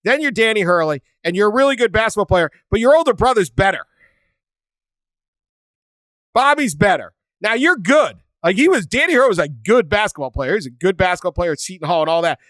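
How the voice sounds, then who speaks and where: A man hosting a sports podcast, telling stories in a lively, chatty way and laughing often. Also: sits high, fast talker, few pauses, no room sound. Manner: animated storyteller, laughs often, acts out quotes. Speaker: podcast host. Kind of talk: casual sports chat.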